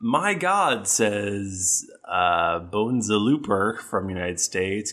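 A man's voice: on the low side, animated, takes it slowly, hardly any pauses, a bit bright. A man co-hosting a podcast, reading listener reviews aloud in a joking casual way. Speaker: podcast co-host.

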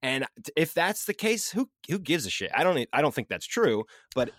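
A man hosting a podcast in casual chat, relaxed and conversational, swearing freely. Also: on the high side, brisk, no room sound, clean studio sound. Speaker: podcast host.

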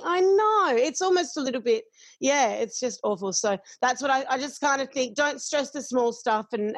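A woman's voice: a little high, no echo. A woman in casual, candid chat, swearing freely and laughing often.

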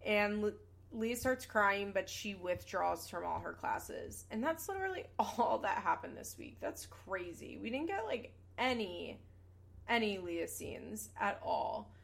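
A woman's voice: medium pitch, big pitch swings, creaky. Young woman host, casual chatty recap delivery, sarcastic and profane, mid-range voice. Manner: chatty, sarcastic, swears casually, quick asides. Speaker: podcast host recapping a reality show. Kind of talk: casual chat.

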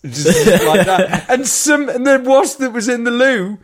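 A man's voice: very high-pitched, measured pace. A man, co-host of a casual chat show, telling a story with lots of swearing and laughter. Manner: animated, swears a lot, laughs through stories. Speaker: podcast co-host.

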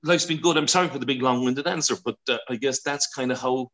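An Irish man in his sixties, a broadcaster telling stories as an interview guest, chatty and quick to laugh, acting out voices as he goes. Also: mid-range voice, fairly bright tone. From Ireland. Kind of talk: casual storytelling interview.

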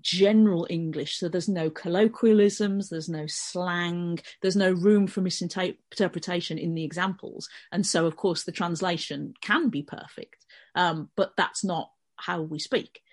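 A middle-aged woman with a Birmingham accent, her voice sitting on the lower side. She talks in a relaxed, conversational way, explaining things at length as a guest on a podcast panel. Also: a little slow. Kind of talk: casual podcast discussion.

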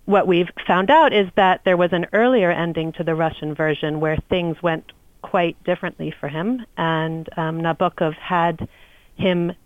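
Woman guest, low-ish voice, thoughtful with ums, dry slightly lo-fi line. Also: no room sound. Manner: measured, many ums. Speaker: literary editor guest. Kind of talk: podcast interview.

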